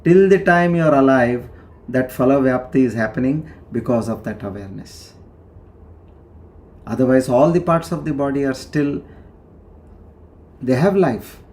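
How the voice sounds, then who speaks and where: Man, teaching scripture. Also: a little mellow. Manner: explains slowly with pauses and sudden rises in pitch. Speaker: spiritual teacher. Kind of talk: devotional discourse on scripture.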